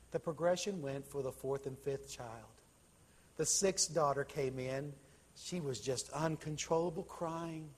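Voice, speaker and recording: A male pastor preaching with fervor, his voice sitting fairly high and moving from hushed lines to loud ones as he tells a story. Each line hangs in a long church-hall reverb. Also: a little slow, breathy edge. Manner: impassioned, swinging from hushed to loud. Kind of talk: sermon storytelling.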